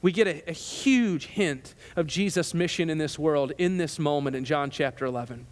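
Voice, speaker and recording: A man's voice: fairly high pitch, moderate pace. A male pastor giving a sermon in a conversational way, with asides and self-corrections. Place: church sanctuary. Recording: long church reverb.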